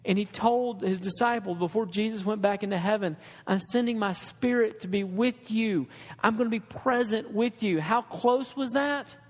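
A man's voice: sits high, steady tone, normal speed, long reverb tail. A man preaching a sermon in an earnest, conversational way, with restarts and asides to the congregation.

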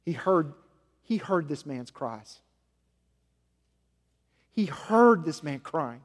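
A man preaching a sermon as senior pastor, swinging between loud emphasis and hushed, low passages. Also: sing-song, takes it slowly. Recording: long hall reverb.

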